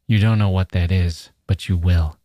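A man reading the part of a menacing, smooth-talking male stalker, coaxing in a casual drawl full of slang. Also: low-pitched, fairly even intonation, normal speed, mellow, no room sound, clean studio sound, close to an everyday voice.

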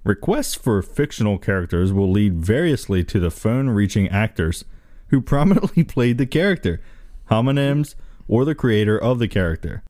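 Laughing low-voiced man reading aloud. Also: expressive, normal speed, darkish tone, dry recording, clean studio sound. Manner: giggly, breaks into laughter while reading. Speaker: co-host reading an entry aloud. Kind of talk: casual chat, reading text aloud with commentary.

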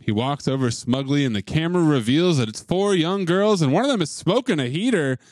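A man hosts a casual movie-commentary podcast, recapping scenes and cracking jokes. His voice sits a little high and moves around a lot, and it is recorded close and dry with no room sound. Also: lively intonation, a little fast, a little mellow, no room sound. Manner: narrating scenes, joking. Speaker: podcast host.

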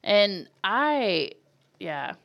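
A woman co-hosting a podcast, chatting casually about a book, animated and quick to laugh. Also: medium pitch, gravelly, highs cut off. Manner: animated, laughs often, says y'all. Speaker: podcast co-host.

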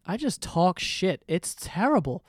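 A man's voice: sits high, very animated, a little slow, no echo, clean studio sound. A man hosting a solo podcast in a casual comedic rant, profane, sarcastic and rambling. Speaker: podcast host.

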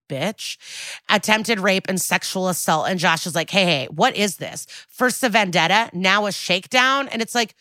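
A woman's voice: fairly low pitch, pushed and bright, dry recording. A woman co-hosting a podcast, recapping an episode in a chatty, wry way and acting out the quoted lines. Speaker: podcast co-host.

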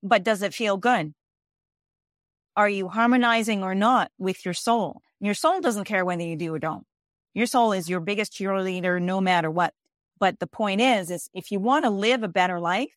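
An executive life coach and author, a woman, speaks as an interview guest explaining her ideas in a medium-pitched voice. She is insistent and emphatic, repeating key phrases and restarting often. The recording is close and dry, with no room sound.

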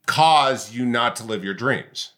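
Bright-voiced male interviewer. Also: medium pitch, expressive, slow. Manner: reflective, restating what the guest says. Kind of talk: interview conversation.

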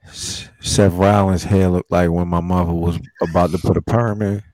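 A male podcast co-host with a very low-pitched voice. He drops loose, slangy jokes and laughs along with the group. The sound is close and dry. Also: level tone, moderate pace, darkish tone, no room sound. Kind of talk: casual banter.

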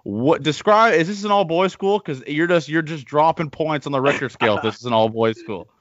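A man's voice: a little high, fairly quick, no echo, muffled recording. A man from Canada hosting a podcast, chatting with a guest in a playful, teasing way. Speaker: podcast host. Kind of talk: casual interview chat.

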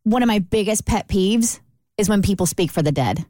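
A woman's voice: medium pitch, lively intonation, moderate pace, dark tone, dry recording. Midwestern woman co-host, chatty, laughing, dry close mic. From Upper Midwest. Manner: reads listener letters aloud, chatty and laughing. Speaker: radio co-host. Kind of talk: casual radio banter.

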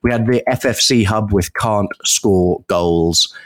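A man on a podcast panel, chatting in a relaxed, easygoing way. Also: on the low side, slow pace, dry recording. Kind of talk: casual podcast chat.

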